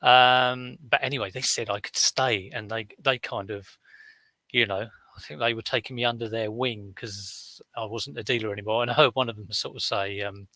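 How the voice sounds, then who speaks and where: A man's voice: mid-range voice, steady tone, moderate pace, pushed and bright, no echo. A man, chatting casually on a live stream as a reseller, rambling through stories with many fillers and restarts. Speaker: reseller vlogger.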